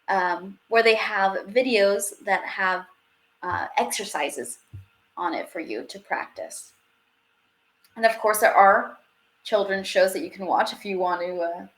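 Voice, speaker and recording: A woman teaching a live online French class, chatty and upbeat, reading out viewer questions as she goes. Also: mid-range voice.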